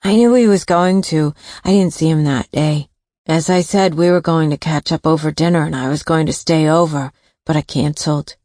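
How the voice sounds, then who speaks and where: A woman's voice: low-pitched, fairly even intonation, normal speed, mellow, no echo, clean studio sound, natural voice. A woman voicing an older retired nurse who talks in a hesitant, confiding way, in an audiobook.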